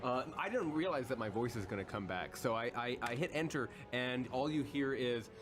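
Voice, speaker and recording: A man's voice: medium pitch, lively intonation, moderate pace. A man at a tabletop game narrating his character's actions with comic delivery.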